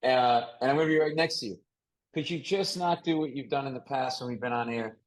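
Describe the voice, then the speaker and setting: Brief: nasal male comic host, animated and joking, mid-range voice, talking over a video call. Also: medium pitch, fairly quick, poor audio. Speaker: podcast host. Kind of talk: casual comedic chat.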